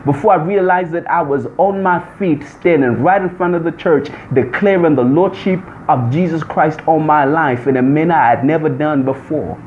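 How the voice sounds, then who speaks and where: A man's voice: on the high side, animated, moderate pace, darkish tone. A man telling a personal testimony in an emphatic, repetitive storytelling manner. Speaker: testimony speaker. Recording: dull lo-fi recording.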